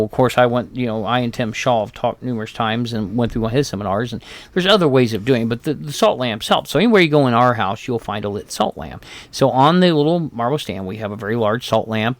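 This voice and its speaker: A man's voice: mid-range voice, dry recording. A man co-hosting a podcast, explaining things at length in an easygoing casual chat. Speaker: podcast co-host.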